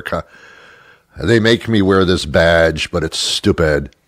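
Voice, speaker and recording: Low-voiced sardonic male show host. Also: slow, a bit bright, no room sound, clean studio sound. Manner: rambling, sardonic, chuckles at his own jokes. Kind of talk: comedic monologue rant.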